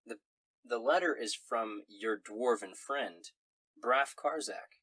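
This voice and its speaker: A man's voice: mid-range voice, slow, bright, forceful tone, husky, no echo. A man narrating a tabletop game as game master, in a jokey, giggly way.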